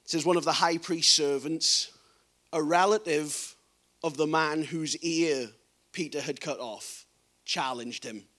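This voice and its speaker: A man preaches a sermon in a noticeably high voice. His scripture readings are gentle and soft, but he builds into forceful, emphatic preaching.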